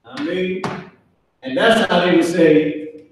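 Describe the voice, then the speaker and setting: A man's voice: on the high side, steady tone, a little slow, a little mellow, far from the mic, slight background noise. A man teaching a live online Hebrew class in a classroom, loose and joking, slangy, acting out voices for laughs. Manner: loose, jokey, slangy, acts out kids' voices. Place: classroom with a whiteboard. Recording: echoey room, speaker away from mic.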